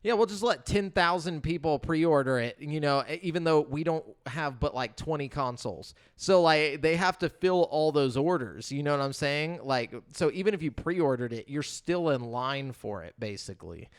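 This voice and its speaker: A man's voice: a little high, expressive, normal speed, hardly any pauses. A man co-hosting a gaming podcast, talking casually with lots of fillers and laughing at his own jokes. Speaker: podcast co-host. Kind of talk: casual chat.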